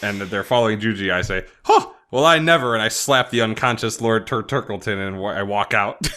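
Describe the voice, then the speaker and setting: A man's voice: fairly low pitch, fairly even intonation, a little fast, pushed and bright. A man playing a character in a tabletop role-playing game, chuckling as he describes what he does. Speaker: player. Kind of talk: casual tabletop role-play.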